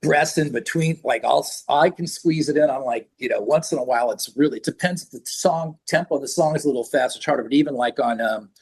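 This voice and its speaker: An older man with a husky voice speaks as an interview guest in a loose, conversational way. He rambles from story to story and acts out the sounds and voices he remembers, at a middle pitch. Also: quick pace, hardly any pauses, darkish tone. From San Francisco Bay Area. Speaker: rock singer, interview guest. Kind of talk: casual interview chat.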